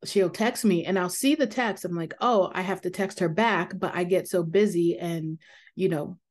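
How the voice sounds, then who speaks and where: A woman hosting her own podcast, talking candidly and reflectively in a casual way, with fillers and soft laughs. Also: fairly low pitch, normal speed. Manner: calming voice for guided meditations. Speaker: podcast host. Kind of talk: casual personal podcast talk.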